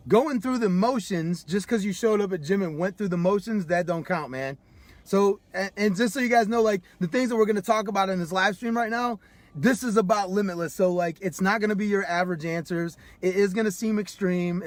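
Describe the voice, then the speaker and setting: A high-voiced man gives a motivational live stream, pumped up and loose, tossing in slang and the odd curse as he talks straight to his viewers. The sound is dry and close, like a phone or webcam with no room echo. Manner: hyped, street-casual, keeps saying "man"; loose and unpolished, swears freely. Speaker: life coach.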